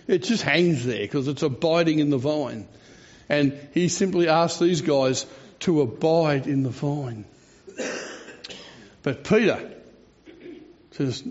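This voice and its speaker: A man preaching, his voice pitched a little high, who tells the story with feeling and slows down for dramatic moments. The sound is dull and lo-fi, like an old church recording. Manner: expressive storytelling with dramatic slowdowns. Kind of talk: sermon.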